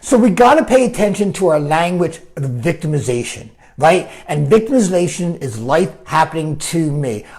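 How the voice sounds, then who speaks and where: A man coaching his viewers in a loose, animated talk. His pitch rises and falls a lot as he makes his points. He keeps asking "right?" to check that the listener is with him. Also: normal speed, gravelly, few pauses. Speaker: life coach. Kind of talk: live coaching talk answering viewer comments.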